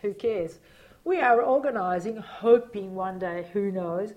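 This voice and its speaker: A woman's voice: medium pitch, unhurried, darkish tone. A woman being interviewed, talking in a reflective, hesitant way with many fillers and frequent laughs. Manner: laughs often while talking. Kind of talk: casual reminiscing interview.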